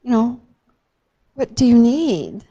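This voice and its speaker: A woman voicing an eager little boy who serves in a temple, speaking softly and earnestly with a slight hesitance. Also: fairly high pitch, big pitch swings, slow, slightly rough, highs cut off, pitched above the performer's own voice, heavily acted.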